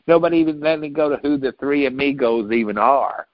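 A man's voice: mid-range voice, brisk, dry recording. Rambling, mocking man on a lo-fi line. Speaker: guest commentator. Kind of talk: casual political chat. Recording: dull lo-fi dry audio.

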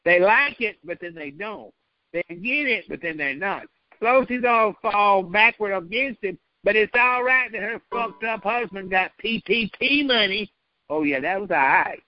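A man's voice: high-pitched, lively intonation, normal speed, dry recording, muffled recording. A man talking politics on a podcast in a rambling, profane, mocking way.

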